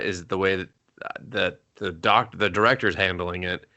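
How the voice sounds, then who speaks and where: A man's voice: sits low, fairly even intonation, measured pace, sharp tone. A man co-hosting a casual movie review talk, joking and laughing often as he riffs on scenes. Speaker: podcast co-host.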